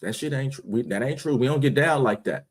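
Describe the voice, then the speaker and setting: A man's voice: mid-range voice, a little fast, husky. A man hosting his own stream, giving an impassioned, preachy monologue full of slang and rhetorical questions. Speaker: streamer, host.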